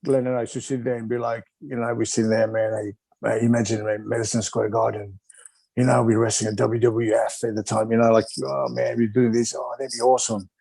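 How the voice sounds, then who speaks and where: Mellow-voiced rambling man, chuckling. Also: on the low side, little pitch movement, a little fast, gravelly, husky, dry recording. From Wales. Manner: rambling, chuckling, full of filler phrases. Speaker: guest, retired wrestler. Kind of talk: casual rambling reminiscence.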